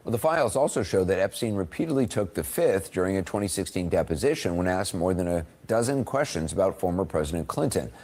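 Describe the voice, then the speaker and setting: Deep-voiced male news anchor. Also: very animated, a little mellow. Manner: measured, formal newsreader delivery. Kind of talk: scripted broadcast news report.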